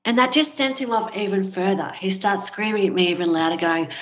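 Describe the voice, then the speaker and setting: A woman's voice: medium pitch, lively intonation, brisk, slight background noise, poor audio. A woman, a guest telling a personal story in an interview in a candid, conversational way with fillers. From Australia.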